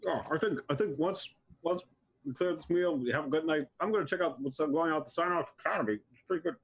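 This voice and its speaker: Husky-voiced man, rambling player. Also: fairly high pitch, quick pace. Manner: rambling, hesitant, lots of fillers and restarts. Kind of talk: casual tabletop play.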